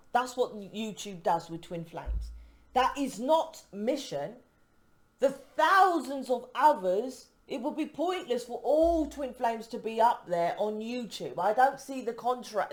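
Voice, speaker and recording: A woman's voice: a little high, a little mellow. Emphatic, rambling woman reading tarot. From United Kingdom. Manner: emphatic, rambling, cuts herself off mid-word; keeps asking "right?" for agreement. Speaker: tarot reader. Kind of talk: casual tarot reading to camera.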